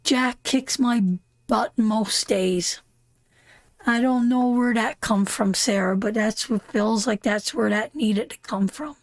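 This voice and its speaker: A woman's voice: fairly high pitch, takes it slowly, no room sound. A middle-aged woman from Canada giving a live tarot reading, emotional and heartfelt, repeating phrases for emphasis. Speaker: tarot reader hosting a live stream.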